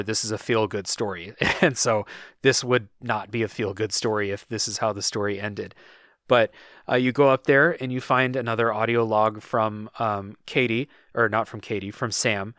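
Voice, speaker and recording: A podcast host with a lowish, clean voice chats casually, retelling a game's story in a relaxed way and leaning heavily on fillers, especially "like." The studio-quality recording has no echo.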